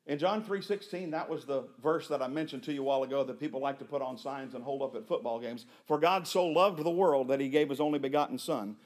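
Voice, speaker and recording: A man preaching a sermon to a church congregation, rising to loud emphatic peaks and dropping to low, hushed lines. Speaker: pastor.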